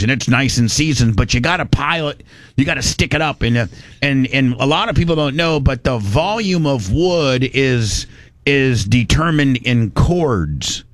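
A man's voice: medium pitch, a bit bright, no room sound. A middle-aged man from Indiana telling a rambling, folksy story in casual podcast chat. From Indiana, USA. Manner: rambling, folksy, with many restarts.

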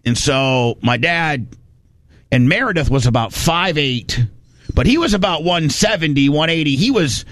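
A man's voice: on the high side, expressive, normal speed, fairly bright tone, dry recording, studio quality. A man from Indiana, telling a long rambling story in casual chat and acting out the voices of the people in it. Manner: rambling, folksy, acts out quoted voices. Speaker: podcast host telling a story.

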